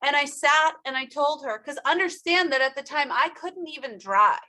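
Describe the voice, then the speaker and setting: A woman's voice: sits high, normal speed, sharp tone. A woman speaker giving a motivational workshop talk about her own story, emphatic and speaking straight to the audience. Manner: emphatic, addresses audience directly.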